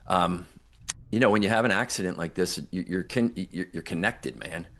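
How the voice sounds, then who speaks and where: Deep-voiced older man telling his story. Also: normal speed, a bit bright. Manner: earnest, reflective, retells dialogue with emphatic quotes. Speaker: guest, near-death survivor and author. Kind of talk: podcast interview storytelling.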